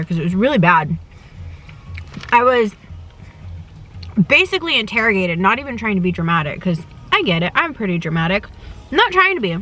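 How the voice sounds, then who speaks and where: A woman's voice: fairly high pitch, bright, forceful tone. A young woman chatting to her camera from inside a parked car, gushing and eating as she talks, often with her mouth full. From United States. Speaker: travel vlogger. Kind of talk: casual chat to camera while eating.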